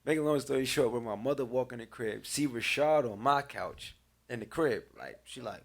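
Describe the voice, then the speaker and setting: A man's voice: medium pitch, normal speed. A man in a casual podcast chat, telling profane childhood stories with laughter. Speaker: podcast guest. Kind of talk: casual smoke-session chat.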